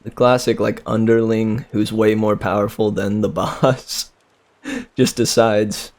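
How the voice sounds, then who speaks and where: A man's voice: on the low side, level tone, unhurried, a little mellow. A man reading a book on a live stream, breaking off for casual chat with his viewers, musing aloud and chuckling often. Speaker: audiobook reader and streamer.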